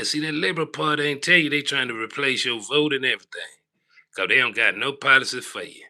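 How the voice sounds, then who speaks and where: Guy scolding his live stream audience, super bright sharp voice, preachy, keeps saying boy. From Southern United States. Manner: big swings between low grumbling and raised shouting. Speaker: livestream host. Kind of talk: ranting live-stream commentary.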